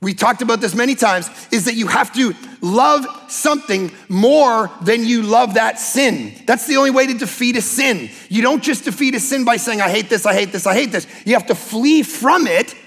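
A man preaching a sermon as a pastor, impassioned and emphatic, sometimes breaking into shouts. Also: very high voice, lively intonation, moderate pace, few pauses, long reverb tail, soft background music. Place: church sanctuary.

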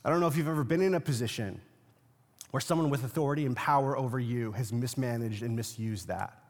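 A man preaching a sermon as a pastor, moving between hushed personal storytelling and loud, insistent passages. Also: mid-range voice, quick pace. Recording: echoey hall with long reverb.

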